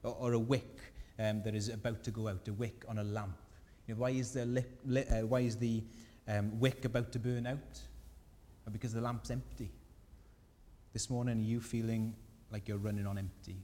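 Gentle pastor preaching in an echoey hall. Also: male voice, fairly low pitch, level tone, normal speed. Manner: earnest, gentle preaching with rising emphasis. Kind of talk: sermon. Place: church.

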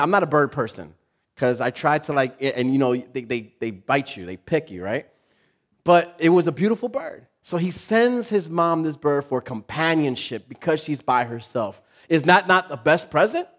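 A man preaching a sermon, telling a funny story and joking with his congregation, often repeating himself as he goes. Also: a little high. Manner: lively, joking, talks to the congregation; halting, repeats words.

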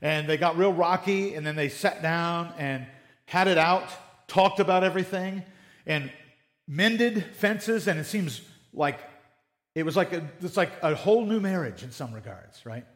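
A man's voice: on the high side, a little slow, fairly bright tone. A middle-aged man preaching a sermon in a conversational way, acting out little everyday dialogues. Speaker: pastor.

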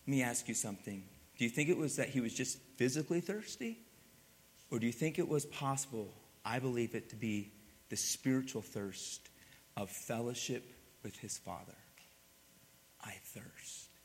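A male pastor delivers an impassioned sermon in a mid-pitched voice. He swings between forceful, climbing emphasis and quiet, heavy passages. His words trail off into the long reverb of a large hall. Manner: swings from loud emphatic build-ups to hushed, low passages.

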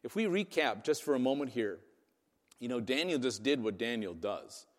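Male pastor, mid-pitched, chatty sermon delivery, recorded in a reverberant hall. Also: lively intonation, normal speed. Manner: conversational, asks "right?" often.

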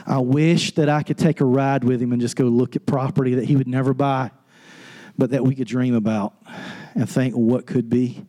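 A pastor preaching an earnest sermon on grief, rising to an impassioned pitch. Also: male voice, fairly even intonation, moderate pace. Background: soft guitar music.

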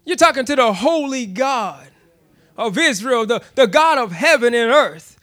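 A man preaching a sermon, telling a personal story with frequent laughter and animated, repeated restarts. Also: very high-pitched, unhurried. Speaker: pastor.

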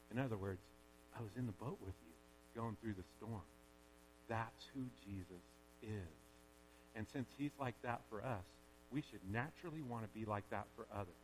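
A man preaching a sermon as a pastor, conversational and animated, often checking in with his listeners. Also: on the low side, moderate pace, slight background noise. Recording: long reverb of a large hall.

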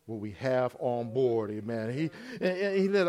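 A man preaches a sermon at medium pitch and normal speed with few pauses, retelling a parable in folksy everyday speech and grammar. Animated, he acts out the brothers and the father in plain voices.

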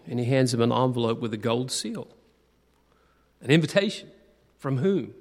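A man giving a conversational sermon, asking the audience questions and slowing down to lean on key words. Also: medium pitch, animated, darkish tone. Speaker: preacher. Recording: long reverb of a large hall.

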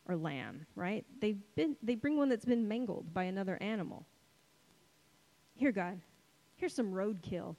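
A woman's voice: a little high, dark tone, low-quality recording. Woman preacher, casual sermon delivery, playful, lingers on key words. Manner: conversational and playful, dramatic pauses on key words.

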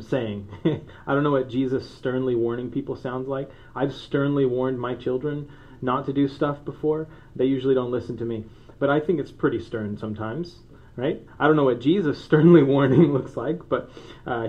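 A man preaching from the pulpit at a middling pitch, casual and playful, with frequent laughs and asides. The recording is a bit muffled and dull. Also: moderate pace. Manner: conversational, joking asides, laughs often. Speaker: pastor. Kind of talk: sermon. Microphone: microphone.

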